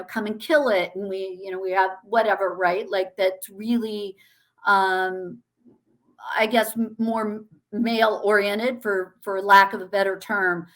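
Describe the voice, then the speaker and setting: A woman at mid pitch talks on a business panel. She is chatty and loose, with fillers and restarts. She punches her points with emphasis. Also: a bit bright. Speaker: sales executive and panelist. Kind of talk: panel discussion.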